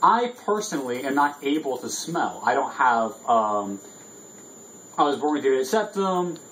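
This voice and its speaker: A man's voice: mid-range voice, very animated, unhurried, a bit bright, a little hiss or hum, low-quality recording. A drunk man hosting a casual vlog, rambling loosely and swearing freely. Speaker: vlog host. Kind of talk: casual chat.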